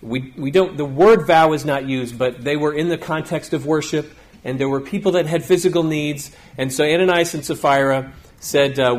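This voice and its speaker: A man's voice: on the high side, moderate pace. A middle-aged man preaching a sermon in a conversational, storytelling way, acting out the people he quotes. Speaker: pastor.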